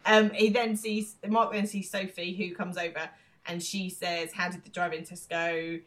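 Low-voiced woman recapping a TV episode. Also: flat delivery, a bit bright. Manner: retells scenes with quick quoted lines and frequent laughs. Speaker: podcast co-host. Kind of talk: casual chat recapping a TV episode.

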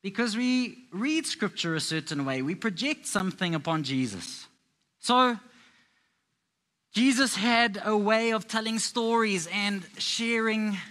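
A man's voice: high-pitched, a bit bright. A man preaching a sermon to a live congregation, telling Bible stories in a playful, conversational way. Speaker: pastor.

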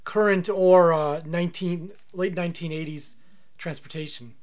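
A man's voice: on the high side, steady tone, normal speed, a little mellow. A man co-hosting a casual podcast, rambling and speculating with lots of filler words. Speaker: podcast co-host. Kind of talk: casual chat.

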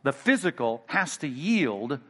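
A male pastor preaching a sermon in an animated, emphatic way, with sudden loud bursts. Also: mid-range voice, measured pace, breathy edge.

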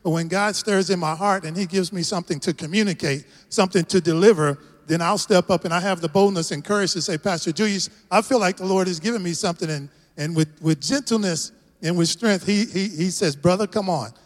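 A man's voice: high-pitched, brisk, few pauses. A middle-aged man with a Texas accent, preaching a rousing sermon as a guest pastor and leading the congregation in call-and-response. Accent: Texan. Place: large church hall. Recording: long church hall reverb.

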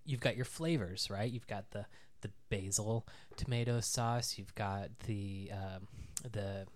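A man's voice: lowish voice, unhurried. A man chatting casually, telling rambling stories and laughing at himself. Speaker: podcast guest. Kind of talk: casual chat.

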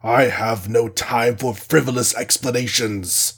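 A man voicing a cold, menacing male alien conqueror in a storybook reading, speaking slowly and gravely. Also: mid-range voice, steady tone, a bit bright. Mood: harsh. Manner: slow, grave and threatening.

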